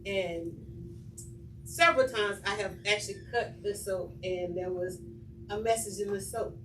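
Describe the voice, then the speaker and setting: A woman's voice: mid-range voice, measured pace. Earnest woman sharing memories on a panel. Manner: earnest, reflective, softening to a hush. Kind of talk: personal storytelling. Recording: echoey room from far off, noisy.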